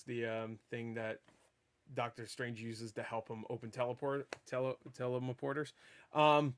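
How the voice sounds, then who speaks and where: A man giving a casual spoiler review of a movie, rambling and excitable, swearing freely and stumbling over restarts. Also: mid-range voice. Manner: rambling, profane, with stammered restarts; animated and excitable.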